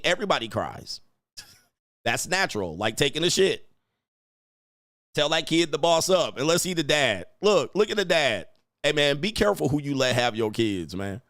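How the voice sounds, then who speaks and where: Brash male reaction host, profane and laughing, lively delivery, dry room. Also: fairly high pitch, no echo. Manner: profane, blunt, laughing often. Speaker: reaction commentator. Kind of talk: casual video reaction commentary.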